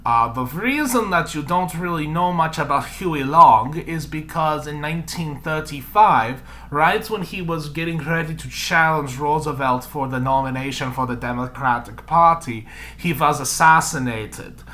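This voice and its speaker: A man doing a cheesy mock German accent as a history teacher talks through a lesson. The voice is bright and sits a little high, and he tags his sentences with a questioning "yeah?" or "okay?" as he goes. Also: moderate pace. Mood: playful. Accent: mock German accent, put on. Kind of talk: video lesson in a put-on accent.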